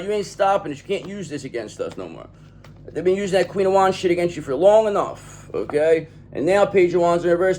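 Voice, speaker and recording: A man's voice: a little high, darkish tone, slight background noise. A man giving a tarot reading in an emphatic, profane manner, often checking in with "okay?". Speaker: tarot reader.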